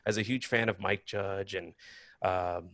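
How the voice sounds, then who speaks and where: A man being interviewed about his acting and animation work, a lively storyteller who laughs often and quotes himself. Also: sits low, normal speed, no echo. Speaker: guest, actor and animator. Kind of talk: casual interview chat.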